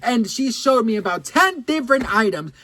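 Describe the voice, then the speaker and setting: A man with a very high voice dishes celebrity gossip at a moderate pace, with slight hiss or hum in the background. His storytelling to camera is chatty, campy, and animated, packed with swearing, "girl," rambling asides, and restarts.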